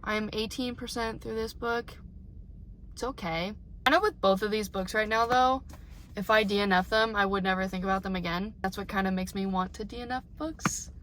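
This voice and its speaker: A woman's voice: medium pitch, moderate pace, fairly bright tone, a little hiss or hum. A young woman chatting casually about books for her reading vlog, rambling and emotional, recorded in her car. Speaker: book vlogger.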